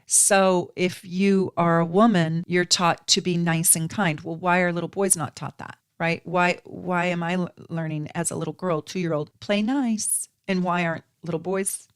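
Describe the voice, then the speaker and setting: A woman's voice: fairly low pitch, little pitch movement, unhurried, hardly any pauses, fairly bright tone, clear, resonant tone, no echo, clean studio sound. A woman in her sixties, an astrology host, teaching in an earnest, conversational way full of rhetorical questions. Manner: earnest, uses rhetorical questions and tag "right?".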